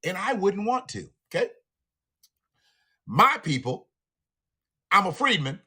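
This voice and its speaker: A livestream host, a man whose profane commentary swings up and down in pitch with lively energy. His voice sits a bit high for a man and has a bright, slightly husky edge. Soft music plays faintly underneath. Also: slow pace. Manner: profane, animated, laughing asides. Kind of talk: live commentary rant.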